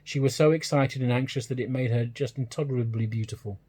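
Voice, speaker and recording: A man reading a classic short story aloud in a measured, even narration. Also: medium pitch, slightly rough. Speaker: reader.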